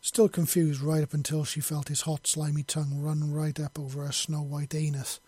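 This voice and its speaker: A man's voice: a little high, flat delivery, normal speed, dark tone, breathy edge, dry recording. A man reading a long fantasy story aloud in an unpolished way, with slips and self-corrections. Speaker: story reader. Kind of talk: reading his own fiction aloud.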